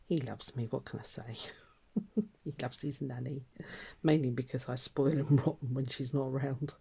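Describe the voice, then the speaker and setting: A woman's voice: very deep voice, steady tone, moderate pace, vocal fry, mellow, husky. An older woman, chatting casually in a rambling way while doing her sewing, full of fillers and little laughs. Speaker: craft vlogger. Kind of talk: casual chat while stitching.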